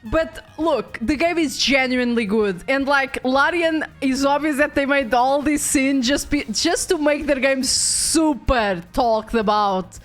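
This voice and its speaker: High-voiced chatty young woman streamer. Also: a little slow, hardly any pauses, faint music behind. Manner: chatty, frequent fillers and restarts, laughs often. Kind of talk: casual game-stream chat.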